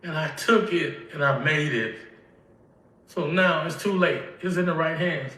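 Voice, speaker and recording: At a measured pace and with a sharp tone, a high-leaning male voice tells an emotional personal testimony. The speaker is a tearful older Southerner from Mississippi who reenacts remembered dialogue. The sound is echoey and distant.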